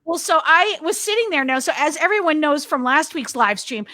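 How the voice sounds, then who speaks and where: A woman co-hosting a podcast, chatting casually and telling stories excitedly. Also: high-pitched, fairly quick, no echo. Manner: excitable, animated storyteller. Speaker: podcast co-host. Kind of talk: casual chat.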